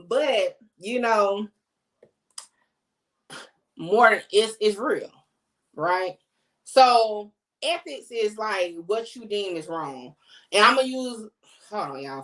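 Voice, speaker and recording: A woman's voice: mid-range voice, fairly bright tone. Middle-aged woman podcasting from home, blunt and slangy, lots of attitude. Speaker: podcast host. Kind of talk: casual chat to camera.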